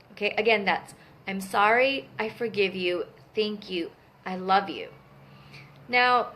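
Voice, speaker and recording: A young adult woman talking casually to camera about her personal practice, earnest and gentle, often stopping to correct her own words. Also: mid-range voice. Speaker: wellness vlogger.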